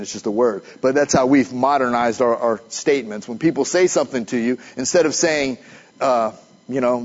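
A man with a medium-pitched voice, recorded with lo-fi sound, preaches a sermon in a conversational way. He keeps asking his listeners questions as he goes.

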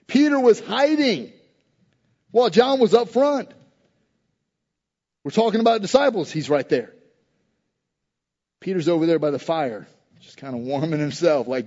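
A man's voice: high voice, expressive, moderate pace, long pauses, a little mellow, in a large hall, dull audio. A man preaching a conversational sermon to a congregation, emphatic, and acting out quotes in everyday speech. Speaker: pastor.

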